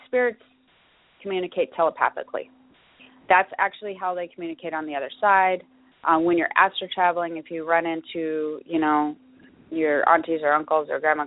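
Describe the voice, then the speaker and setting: Her voice sits fairly low, with no room sound on this dry, phone-like recording. She's a podcast host doing casual solo talk, explaining her topic chattily with fillers and restarts.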